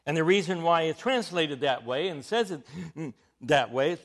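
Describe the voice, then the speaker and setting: Animated, high-pitched male preacher. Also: moderate pace. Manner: emphatic, animated teaching with rising bursts. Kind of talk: sermon.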